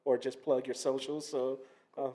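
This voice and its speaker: A man's voice: mid-range voice, flat delivery, normal speed, mellow. A man hosting a podcast, easygoing and a little hesitant, leading the segments with plenty of filler. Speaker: podcast host. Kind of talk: casual podcast chat.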